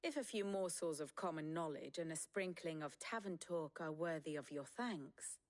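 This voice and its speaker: Vivian, a wry learned advisor. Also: female voice, sits low, lively intonation. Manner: measured, wry, explanatory. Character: sly learned woman advisor. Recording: game music behind.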